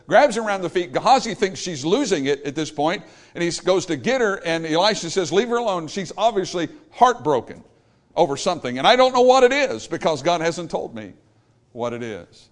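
A man's voice: a little high, sing-song, brisk. A man preaching a sermon, reading verses in old scripture wording and retelling them in plain folksy speech.

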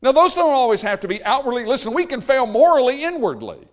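A man's voice: very high voice, very animated, fast. A man preaching a sermon in an emphatic, repetitive cadence, stressing each phrase in turn. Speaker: pastor.

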